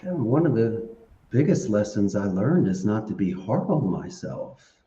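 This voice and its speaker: Chatty guy on a podcast, lowish mellow voice, kinda dull roomy sound, laughs a lot. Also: big pitch swings, unhurried, a little hiss or hum. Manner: chatty, laughs often, playful wordplay. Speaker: podcast guest. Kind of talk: casual interview talk.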